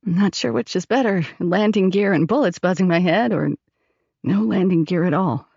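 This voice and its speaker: A woman narrating an audiobook in first person, expressive and storytelling. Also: lowish voice, normal speed, vocal fry, breathy edge, dry recording, lo-fi sound.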